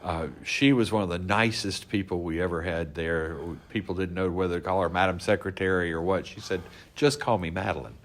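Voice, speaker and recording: Low-voiced man telling convention stories. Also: a little fast. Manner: relaxed anecdotal storyteller. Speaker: guest, convention organizer. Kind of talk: casual storytelling interview.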